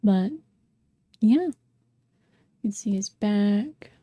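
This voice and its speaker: A woman's voice: mid-range voice, animated, drawn-out words, dark tone, dry recording, muffled recording. A young woman talking casually while sculpting at home, chatty and apologetic, with plenty of fillers and an occasional hiccup. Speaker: sculpting vlogger.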